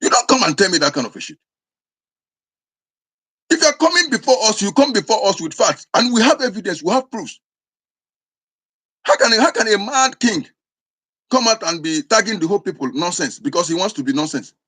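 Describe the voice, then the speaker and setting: Husky man with an Igbo accent. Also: sits high, lively intonation, a little fast. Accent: Igbo Nigerian. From Igbo land, Nigeria. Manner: forceful, repetitive, emphatic. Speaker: speaker. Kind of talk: impassioned monologue.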